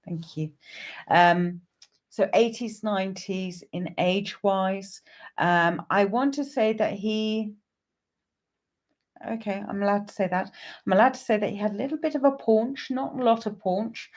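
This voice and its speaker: A woman's voice: medium pitch, darkish tone. A woman with a mid-range voice, hosting a live-stream reading in an easy, chatty way. She greets viewers one by one. The sound is dull and lo-fi, like stream audio. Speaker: psychic medium.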